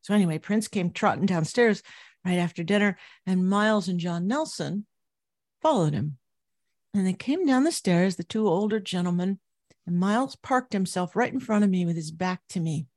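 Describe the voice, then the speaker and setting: A middle-aged woman recounting memories as an interview guest, telling her story vividly and growing animated at its high points. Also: normal speed, no echo, studio quality.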